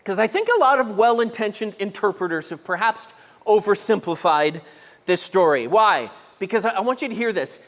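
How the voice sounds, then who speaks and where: High-voiced preacher in a reverberant church. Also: male voice, moderate pace. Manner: animated storytelling, acts out quotes, asks the room questions. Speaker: pastor. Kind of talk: sermon. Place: church auditorium. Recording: long reverb of a church hall.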